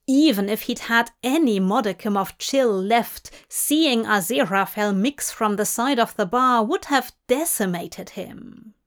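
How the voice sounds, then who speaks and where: Slow, high-voiced woman reading a story. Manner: unhurried, even reading. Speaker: fanfiction reader. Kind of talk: audiobook narration.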